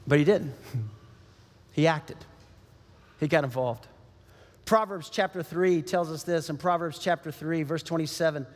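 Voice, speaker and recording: A man's voice: on the high side, measured pace, pauses often. A man preaching a sermon as pastor, emphatic and repeating his key phrases. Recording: long hall reverb.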